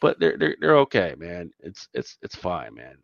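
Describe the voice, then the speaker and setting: A man's voice: deep voice, wildly swooping pitch, moderate pace, creaky, no room sound, muffled recording. A man from Philadelphia co-hosting a casual chat, talking loosely and emphatically, tossing in "man" and "right?" often. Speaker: podcast co-host.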